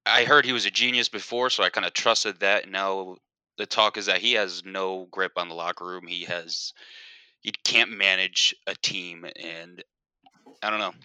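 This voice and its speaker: A man's voice: sits low, steady tone, moderate pace, bright, forceful tone, clean tone, no echo. A man co-hosting a sports podcast, casual and thoughtful, often trailing off.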